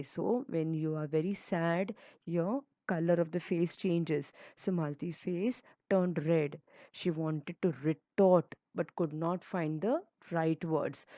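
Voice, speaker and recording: A woman teacher with an Indian English accent, slowly reading a textbook story and explaining what each word means. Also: on the low side, dark tone, dry recording. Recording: dull lo-fi recording.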